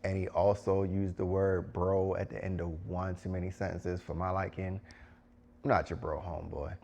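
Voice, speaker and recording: Emphatic, preachy low-voiced man. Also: little pitch movement, normal speed, gravelly, warm tone. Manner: emphatic, preachy, repeats phrases for stress. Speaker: educator giving advice to teachers. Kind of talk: direct-to-camera advice talk.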